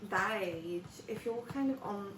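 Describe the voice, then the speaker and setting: A woman's voice: mid-range voice, a little slow. A young woman chatting casually as a family vlogger, rambling a little with fillers and restarts. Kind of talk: casual chat. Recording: echoey room, noticeable background noise, slightly distant.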